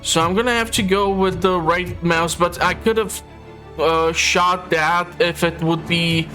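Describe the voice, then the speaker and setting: A man's voice: high-pitched, steady tone, a little slow. A man hosting a casual gameplay commentary, chatty and a bit hesitant. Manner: chatty, hesitant, with filler words. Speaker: host. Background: game audio and music.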